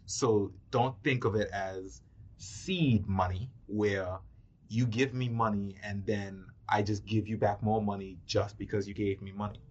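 A man, a filmmaker guest in an interview, explaining things in a measured, step-by-step way. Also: fairly low pitch, fairly even intonation, slightly rough. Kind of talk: casual interview chat. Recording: muffled lo-fi audio.

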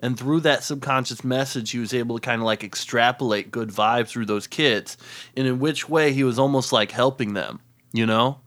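A man's voice: mid-range voice, moderate pace, fairly bright tone, dry recording, close to an everyday voice. A man playing an earnest, spacey young rapper who rambles in mock-profound terms on a comedy podcast. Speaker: podcast co-host. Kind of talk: improvised comedy podcast, deadpan parody.

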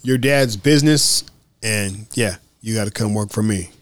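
A man's voice: lowish voice, moderate pace, dry recording. Male co-host, casual film chat, easygoing with some stammered repeats, dry mic. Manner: relaxed, stammers and repeats words. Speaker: podcast co-host.

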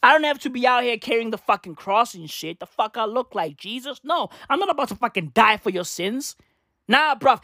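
A man's voice: very high-pitched, animated, a little fast, bright, forceful tone, dry recording, studio quality. A man hosting a podcast in a rambling, profane comedic monologue. He repeats himself and fills his talk with slang and swearing. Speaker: podcast host.

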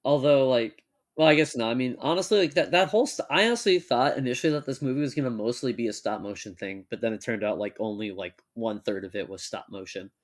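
A young man co-hosting a relaxed talk. He jokes around and laughs often. When he reads aloud, he slows to a measured pace, with an average pitch for a man. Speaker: podcast co-host. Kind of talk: casual chat and reading aloud.

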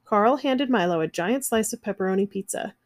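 A woman reading a children's picture book aloud, gentle and expressive. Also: mid-range voice, brisk, dry recording, studio quality. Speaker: narrator. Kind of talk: children's storybook read-aloud.

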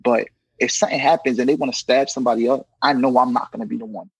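A man who works as a correction officer, telling stories in a casual, animated way and acting out the voices of the people in them. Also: mid-range voice, quick pace, vocal fry, husky, no echo, poor audio. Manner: animated, acts out quoted voices, fills with "you know what I mean". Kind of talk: casual storytelling in an interview.

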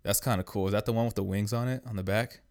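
A man's voice: on the low side, steady tone, fast, a little mellow, dry recording, clean studio sound. A man in his thirties hosting a solo podcast, ranting bluntly and swearing constantly in casual talk. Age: 30s. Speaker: podcast host.

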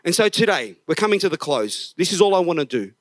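A middle-aged man preaches to a church service, his voice sitting high for a man. He leans hard on his points, drops to a hush, then lifts again, and sometimes sings a line of a hymn. The sound is close and dry. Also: sing-song, quick pace, no room sound. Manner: emphatic, swings from hushed to raised, sings snatches of songs. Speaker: pastor. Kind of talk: sermon.

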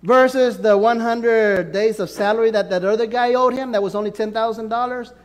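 High-voiced preaching man, hall reverb. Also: fairly even intonation, a little fast. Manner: emphatic preaching with sweeping pitch and volume. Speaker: pastor. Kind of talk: sermon.

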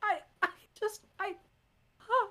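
A woman's voice: very high voice, slow pace, a bit bright. A young woman co-hosting a casual book podcast, reading passages aloud and reacting with exasperated sighs. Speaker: podcast co-host. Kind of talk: casual book club chat.

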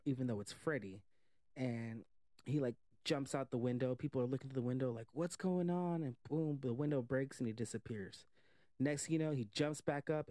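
A man's voice: medium pitch, dry recording, studio quality. A man casually retelling a movie plot in a loose, rambling way, full of "like" and the odd curse word. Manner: animated storytelling, slipping into quoted voices; loose, rambling, with swearing and frequent "like". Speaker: movie reviewer.

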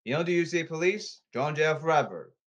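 A man rambling to his audience, reading rules off his phone and repeating himself insistently, with halting restarts. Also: on the high side, expressive, muffled recording. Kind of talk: rambling monologue to camera.

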